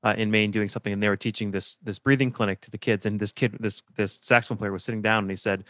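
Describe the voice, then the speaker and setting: A man co-hosting a casual interview, relaxed and affirming, telling anecdotes with plenty of fillers. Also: fairly low pitch, fast talker, hardly any pauses, dry recording, studio quality. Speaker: podcast co-host, band director.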